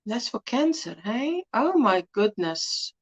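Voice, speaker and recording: A woman's voice: fairly high pitch, sing-song, takes it slowly, lo-fi sound. A middle-aged woman from South Africa hosting a casual livestream, chatting with viewers, greeting them by name and laughing often. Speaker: livestream host.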